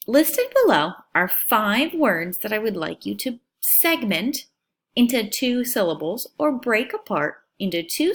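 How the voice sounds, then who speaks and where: Slow, lively-voiced woman teaching children. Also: mid-range voice. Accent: American. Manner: slow, clear, sing-song teacher voice stretching out words. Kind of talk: recorded phonics lesson for children.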